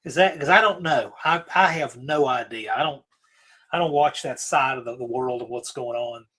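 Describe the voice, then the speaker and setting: A man's voice: mid-range voice, normal speed, a bit bright, breathy edge, low-quality recording. A man from Virginia hosting a casual livestream, rambling easygoingly through viewer comments and often trailing off to restart. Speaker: livestream host. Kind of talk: casual live-stream chat, answering viewer comments.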